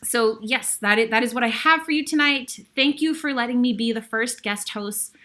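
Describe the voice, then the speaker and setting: A woman's voice: a little high, normal speed, fairly bright tone. A young woman guest-hosting a web show, thanking viewers in an effusive, rambling, casual sign-off. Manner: effusive, grateful, rambling and self-deprecating. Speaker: guest host.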